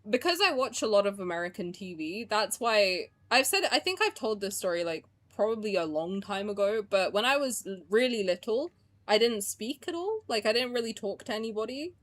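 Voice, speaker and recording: A woman's voice: medium pitch, animated, a little fast. A young woman with a mixed English and Canadian accent, lightly tinged with Indian, chatting casually as a streamer while she plays and reads game text aloud. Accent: mixed English and Canadian, with a trace of Indian. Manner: chatty and rambling, with frequent "like" fillers.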